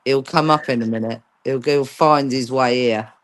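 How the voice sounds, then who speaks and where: A woman's voice: very deep voice, moderate pace. A woman hosting a casual live stream chat, chatty and exclamatory, teasing her guests.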